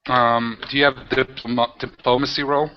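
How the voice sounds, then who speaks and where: A man narrating a tabletop game as game master, halting and repeating words as he goes. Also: mid-range voice, flat delivery. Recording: dull lo-fi home recording, faint noise.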